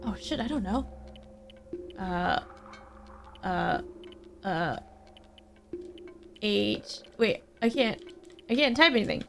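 A woman playing a video game and commenting excitedly, chatting and reading the on-screen text aloud. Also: medium pitch, slow, gravelly, long pauses. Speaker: gamer playing on her channel. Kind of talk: let's play commentary. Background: game music.

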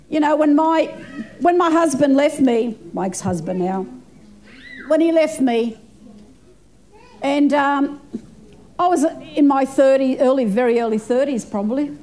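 A woman's voice: high voice, moderate pace, pauses often, a little mellow. A woman pastor in her sixties preaching a fervent sermon, stretching and repeating her phrases.

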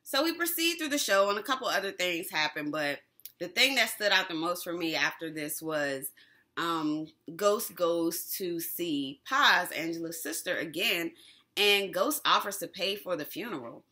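A woman hosting a casual TV episode recap, animated and slangy, who laughs often. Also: fairly low pitch, moderate pace. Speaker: TV recap host.

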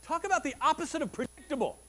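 A man preaching a Sunday sermon as pastor, animated and conversational, with frequent restarts and rising emphasis. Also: very high voice, very fast. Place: church service.

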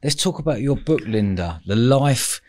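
A man's voice: mid-range voice, animated, normal speed, a little mellow. A man hosting a podcast, asking probing questions and giving short encouraging replies. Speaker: podcast host. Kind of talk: interview questions.

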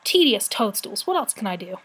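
A woman voicing a small, quick-tempered brownie girl who scolds and snaps in a storybook reading. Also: medium pitch, very animated, a bit bright, slightly rough. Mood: indignant. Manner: snappish, scolding.

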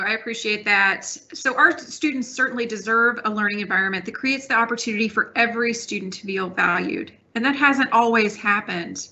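A woman's voice: mid-range voice, pushed and bright, muffled recording. A woman university administrator giving a careful, composed response at a town hall. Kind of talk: formal prepared response.

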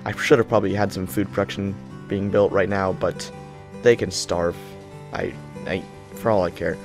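A young man giving excitable gameplay commentary, yelling in panic and triumph. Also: sits low, normal speed, music in the background. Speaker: gaming channel host.

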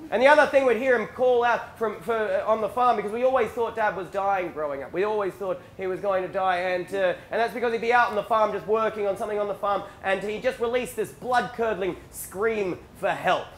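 Australian man, stand-up comedian, high voice, animated storytelling, roomy stage sound, faint room ambience. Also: brisk, few pauses, a little hiss or hum. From rural South Australia. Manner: animated, bursts into shouted impressions of his father. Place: theatre stage before a live audience.

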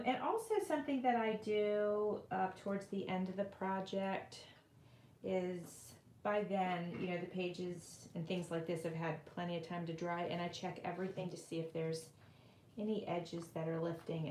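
A woman's voice: fairly low pitch, steady tone, moderate pace, a little mellow, a little hiss or hum. Woman, middle-aged, livestream host, casual rambling chat, home craft room, roomy echo. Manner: chatty, rambling, reads comments aloud.

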